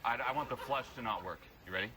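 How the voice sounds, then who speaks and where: A man coaching a live workshop audience, blunt and energetic, breaking into loud yells. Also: medium pitch, quick pace, slight background noise, low-quality recording. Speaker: social confidence coach.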